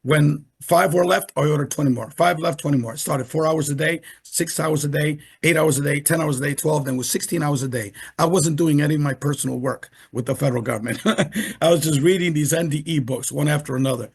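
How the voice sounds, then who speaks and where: A man's voice: a little high, fairly quick, vocal fry, slightly rough. An older man, a retired professional, recounting his experiences as an interview guest on a video call, emphatic and repeating himself often. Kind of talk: animated storytelling in conversation.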